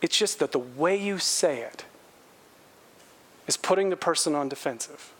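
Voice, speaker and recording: This middle-aged pastor preaches at a normal speed in an animated style. Quoted lines come out in a raised voice, while earnest moments are spoken low and quiet.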